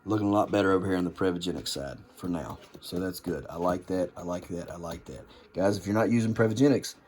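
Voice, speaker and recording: A man's voice: low voice, fast, darkish tone. A man, casually showing viewers around his homestead in a folksy vlog. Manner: folksy, addresses viewers as "guys" and "y'all". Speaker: homesteading vlogger. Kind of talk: casual walk-through vlog. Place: indoor grow room and outdoor homestead.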